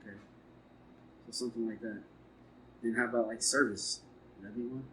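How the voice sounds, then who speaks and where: A man's voice: medium pitch, fairly even intonation, fairly quick, pushed and bright, poor audio. A man taking part in a poetry workshop, hesitantly asking questions and restarting his sentences. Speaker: workshop student poet. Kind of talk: workshop conversation.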